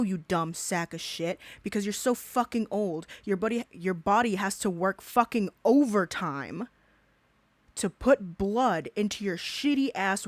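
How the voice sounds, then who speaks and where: A woman's voice: mid-range voice, dry recording. Woman, angry swearing rant, reaction commentary, dry close mic. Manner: angry, ranting, heavy swearing.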